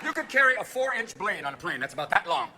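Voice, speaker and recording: A man performing live stand-up comedy, manic and shouting, jumping between quick impressions. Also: high-pitched, very animated. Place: theater stage. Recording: live theater with a laughing audience and noise.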